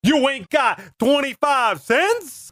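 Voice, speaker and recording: A man putting on a mobster-style New Jersey accent to play a rude, belligerent customer who talks slowly and gruffly. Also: extremely high pitch, sing-song, fairly bright tone, no room sound, studio quality, pitched above the performer's own voice, heavily acted. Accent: put-on Sopranos-style New Jersey mobster. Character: rude loudmouth mobster-type man in line.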